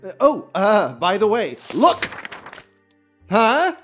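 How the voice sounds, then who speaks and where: An actor playing a nervous, fussy cafe proprietor who stammers and apologizes constantly. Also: male voice, high-pitched, huge pitch swings, slow, over music, full character voice. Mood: fretful.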